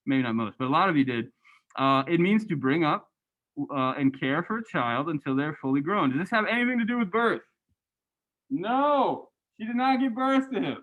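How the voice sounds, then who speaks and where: Male professor, high-pitched and chatty, tags lines with "right?", muffled lo-fi class recording. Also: expressive, moderate pace. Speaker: university religious studies lecturer. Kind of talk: lecture reviewing graded answers.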